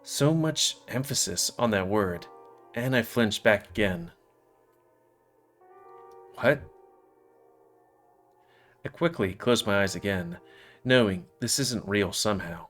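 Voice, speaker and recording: Let's player reading a visual novel in the first person; low voice, casual asides, soft music underneath. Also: male voice, animated, slow, long pauses.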